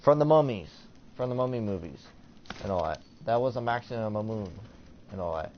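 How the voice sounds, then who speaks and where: A teenage boy talks through a video game in loose, rambling commentary full of "like" and "and all that." His voice sits a bit low. The mic sounds dull and lo-fi with a faint hiss. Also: expressive, a little fast. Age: teens. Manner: rambling, filler-heavy, reads game text aloud. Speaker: gameplay commentator. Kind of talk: casual let's-play commentary.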